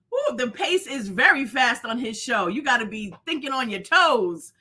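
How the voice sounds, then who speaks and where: A woman's voice: high voice, pushed and bright, slightly rough. A woman hosting a live stream in casual chat, effusive and rambling, greeting viewers by name. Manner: rambling, many fillers and restarts. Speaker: host of a live show.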